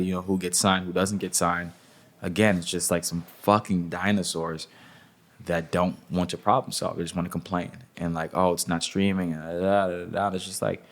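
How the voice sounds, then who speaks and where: A man from the music industry talks casually as an interview guest in a low, slightly bright voice. He's loose and profane, using lots of "like" and "you know."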